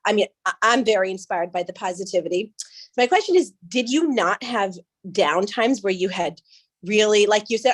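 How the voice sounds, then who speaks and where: A woman's voice: medium pitch, lively intonation, moderate pace. A woman in an online group call politely asking the speaker a question, a little hesitant with restarts.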